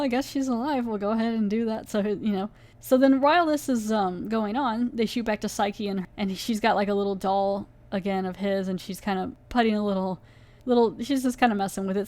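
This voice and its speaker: A woman's voice: fairly high pitch, darkish tone, no room sound. A woman podcast host recapping a horror episode in a chatty, casual way, acting out the characters' lines as she goes. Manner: chatty, acts out lines in quick voices.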